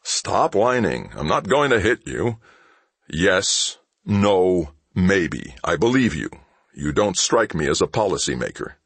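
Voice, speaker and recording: A man voicing a calm, menacing male shipmaster who makes dryly mocking threats in a conversational tone. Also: low voice, slow, slightly rough, no room sound, exaggerated voice. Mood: calm menace. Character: cool, menacing male shipmaster, sardonic and unhurried. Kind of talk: audiobook character voice.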